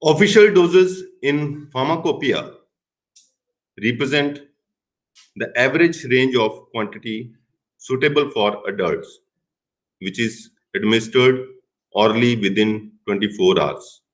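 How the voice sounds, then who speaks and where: A middle-aged male professor with an Indian English accent delivers a recorded lecture. His voice sits at an ordinary mid pitch, and he talks in measured phrases that lean hard on the words he wants remembered. Now and then he drops into Hindi to explain a point. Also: low-quality recording. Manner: deliberate, stresses key words, slips into Hindi. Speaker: pharmacy professor.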